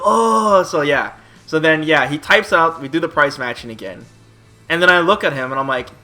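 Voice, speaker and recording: A man's voice: a little high, normal speed, faint music behind. A man telling a long exasperated story in a casual vlog, swearing often and acting out both sides of the conversation. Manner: animated, profane, exasperated storytelling. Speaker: streamer and YouTuber.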